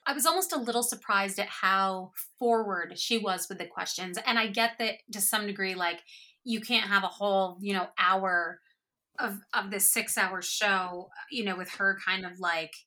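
A woman's voice: mid-range voice, normal speed, pushed and bright. A woman co-hosting a casual chat, reacting expressively and laughing often, with many filler words. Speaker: podcast co-host.

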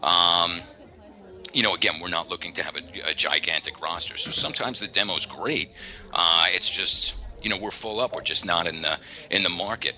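A man who works as a voice talent agent, talking frankly in a casual interview and acting out callers in quick asides. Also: deep voice, pushed and bright. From New York area. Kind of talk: candid casual interview talk.

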